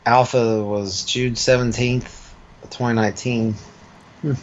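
A man's voice: medium pitch, flat delivery, a little slow, muffled recording, slight background noise. A man chatting easily about video games, hedging his points and cursing mildly. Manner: easygoing, hedging, mild cursing. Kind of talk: casual gaming chat.

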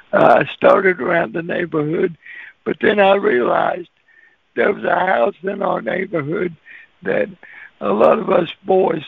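Male chaplain, storytelling sermon, gravelly and husky, tinny radio sound. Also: high-pitched, dry recording. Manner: folksy, laughs at his own stories.

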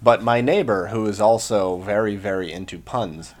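A young man telling a long story in casual chat, rambling with many fillers and acting out shouted lines. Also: fairly low pitch, moderate pace. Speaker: podcast co-host, Marine veteran.

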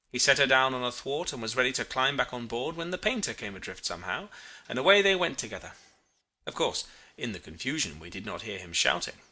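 A man narrating a literary story as an audiobook, in an expressive and reflective reading. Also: mid-range voice.

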